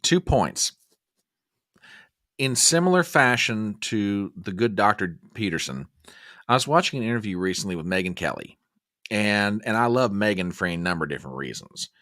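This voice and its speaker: Very deep-voiced male stream host. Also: big pitch swings, moderate pace, sharp tone, no echo, studio quality. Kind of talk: casual chat on a live stream.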